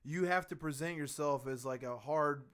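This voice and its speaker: Man, podcast co-host, bright and crisp voice, animated swearing storyteller. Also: fairly high pitch, moderate pace. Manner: animated, profane, laughing storyteller. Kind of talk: casual storytelling chat.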